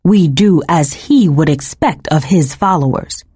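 A woman puts on a coldly measured male cult leader who clips his words for an audiobook. The voice is low, husky and dry. His pitch moves a lot while he lays out his zealous reasoning. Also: warm tone, dry recording, heavily acted. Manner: coldly measured, slightly clipped.

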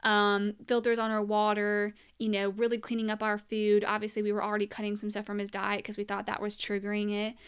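Young woman, earnest and emotional, smooth clear tone, fairly flat delivery. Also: mid-range voice, brisk, hardly any pauses. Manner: earnest, emotional, tearful at times. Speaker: mother sharing her story. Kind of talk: personal storytelling monologue.

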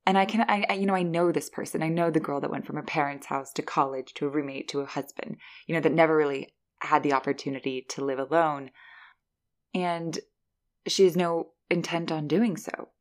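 A woman hosting a podcast, giving a chatty, animated recap of a movie. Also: low voice, a little fast. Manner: chatty, animated storytelling with laughs. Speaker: podcast host reviewing a film.

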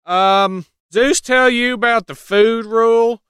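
A man's voice: very high voice, fairly even intonation, takes it slowly, a bit bright, clear, resonant tone, no echo, clean studio sound, voice pushed up, exaggerated voice. A man voicing a smug, creepy male underworld god with a sly, drawling delivery.

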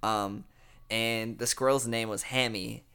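A young man in casual podcast chat, telling a long story in a rambling, animated way with lots of fillers and swearing. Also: mid-range voice, measured pace, clear, resonant tone.

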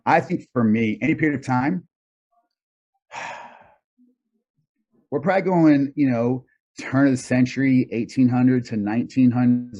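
A middle-aged guest with a medium-pitched, slightly mellow voice answers interview questions thoughtfully and easily, laughing often in a casual chat. The recording sounds dull and lo-fi.

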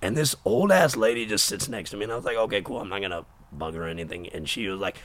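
A man's voice: on the low side, quick pace. A young man from the United States on a podcast, casually telling a story and acting out the voices of the people in it. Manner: animated, acts out quoted voices. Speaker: podcast co-host.

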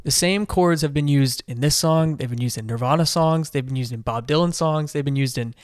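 A man's voice: on the high side, a little fast, dry recording, clean studio sound. A man co-hosting a casual podcast about music, talking eagerly and rambling, with lots of restarts and fillers. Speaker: podcast co-host.

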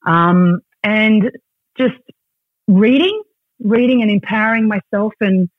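A woman in her forties with an Australian accent, chatting as a podcast guest and telling stories with lively acted-out quotes. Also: medium pitch, slow pace, dry recording. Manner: bubbly, animated storyteller who acts out quotes. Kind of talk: casual interview chat. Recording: dry, tinny phone-like line.

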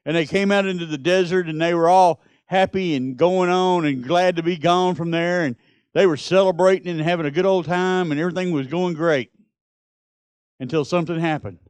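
A man's voice: a little high, brisk, a little mellow, smooth, dry recording. A middle-aged man, preaching a sermon and telling Bible stories with rising, emphatic peaks. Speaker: pastor.

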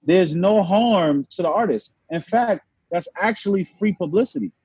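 Husky-voiced animated New man. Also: high voice, moderate pace, no room sound, low-quality recording. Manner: animated, storytelling, profane slang. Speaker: podcast co-host. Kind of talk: casual chat.

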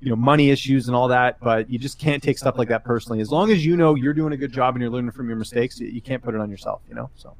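This man, a fight-sport journalist appearing as a podcast guest, has a medium-pitched voice and talks fast with hardly any pauses. Chatting casually, he tells rambling, filler-heavy stories and offers advice along the way.

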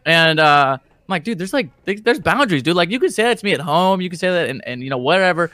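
Animated young man saying "dude" a lot. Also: high-pitched, fast talker, dry recording. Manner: animated, peppers talk with "dude" and "bro". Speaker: podcast co-host. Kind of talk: casual storytelling chat.

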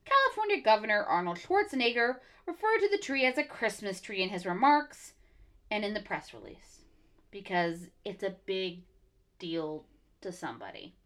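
A woman's voice: medium pitch, big pitch swings, moderate pace, a bit bright. A woman co-hosting a casual podcast, reading facts from her notes with blunt, sarcastic asides. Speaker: podcast co-host.

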